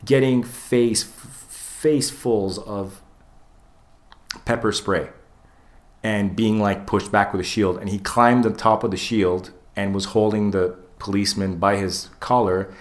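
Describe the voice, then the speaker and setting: A co-host on a relaxed podcast, this man has a voice on the low side and a moderate pace. He tells his story with animation, swears freely, and performs the quotes in character.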